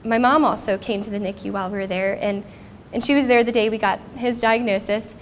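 A woman's voice: mid-range voice, steady tone, fairly quick, a little hiss or hum. A woman in her thirties speaking at a conference, telling a personal story in an earnest, reflective way. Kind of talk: personal testimony talk. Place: conference stage.

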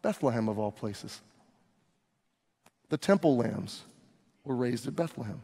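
A man's voice: medium pitch, animated, a little slow, mellow, husky, in a large hall. A male pastor preaching a sermon, telling the story dramatically as if living through it himself. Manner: dramatic storytelling, acting out scenes.

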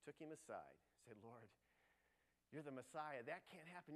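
A man preaching a sermon as pastor, animated and emphatic, rising to loud excited bursts in his quotes. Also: a little high, normal speed. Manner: animated, shifts to loud excited voice when quoting Jesus. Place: church sanctuary.

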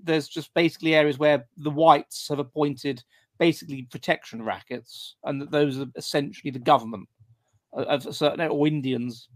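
A man's voice: fairly high pitch, steady tone, moderate pace, no room sound. A man hosting a podcast interview, reading out listener questions with some hesitation. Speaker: podcast host.

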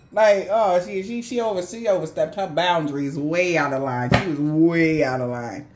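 A woman's voice: lowish voice, normal speed, slight background noise. A woman giving a casual spiritual reading to her viewers, cursing freely, laughing often and talking straight to them. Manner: profane, laughing, animated, talks straight to viewers. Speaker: psychic reader.

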